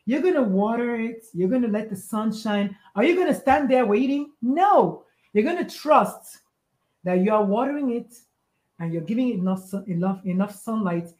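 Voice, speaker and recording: A woman's voice: fairly high pitch, moderate pace, roomy sound. A woman from Nigeria, a pediatrician and life coach, telling stories as a podcast guest and acting out the voices of the people in them. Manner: acts out quoted voices, emphatic and expressive. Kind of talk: animated storytelling in conversation.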